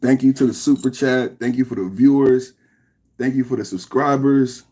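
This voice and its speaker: A man's voice: mid-range voice, fairly even intonation, moderate pace, slightly rough. A man hosting a live-stream reaction podcast, chatting loosely and teasing in a mocking, profane way. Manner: loud, mocking, profane banter. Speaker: podcast host.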